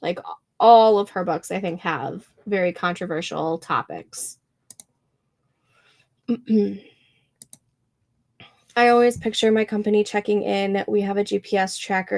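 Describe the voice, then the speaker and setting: A woman's voice: mid-range voice, unhurried, vocal fry, long pauses, a little mellow. A young woman hosting a writing livestream, chatting casually and laughing often as she reads out comments from viewers. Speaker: livestream host.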